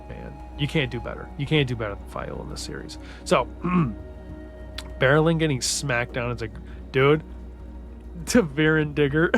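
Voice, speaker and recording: A man's voice: medium pitch, a bit bright. A man hosting a casual book recap podcast, rambling enthusiastically and swearing a lot. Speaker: podcast host recapping books. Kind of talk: casual chat. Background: faint background music.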